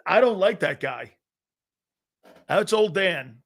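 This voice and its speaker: A man's voice: sits high, animated, slow, gravelly. A man in his fifties hosting a sports talk show, telling brash, boastful stories full of restarts and acted-out quotes. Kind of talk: casual sports talk storytelling.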